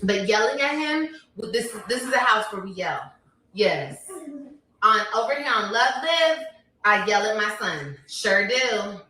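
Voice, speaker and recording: A woman's voice: mid-range voice, big pitch swings, measured pace, bright, forceful tone. A woman, talking bluntly and emphatically on a casual livestream. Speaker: livestreamer, mother. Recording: echoey room.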